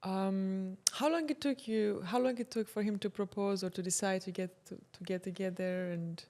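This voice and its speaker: A woman's voice: medium pitch, steady tone, moderate pace, dark tone. A woman hosting a podcast interview, with brief reactions and follow-up questions. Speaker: podcast host. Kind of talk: conversational interview.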